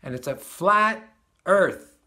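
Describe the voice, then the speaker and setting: A man with a fairly high voice talks through a casual spiritual lesson. He circles back, repeats himself and chuckles as he makes each point. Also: lively intonation, slow, bright, forceful tone. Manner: repeats and restarts phrases, chuckles at his own points. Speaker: spiritual teacher.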